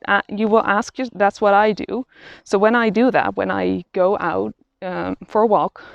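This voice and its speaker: A woman talking through a reflective vlog while out on a quiet walk in nature, halting and thoughtful, often restarting her sentences. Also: mid-range voice, vocal fry, no echo. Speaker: vlogger. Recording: dull, slightly lo-fi sound.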